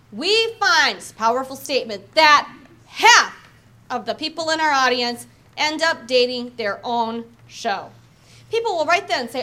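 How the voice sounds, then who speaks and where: A woman sales trainer coaching an audience on opening talks, acting out sample pitches with energy and emphasis. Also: animated, normal speed, sharp tone. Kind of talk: training talk with demonstrations.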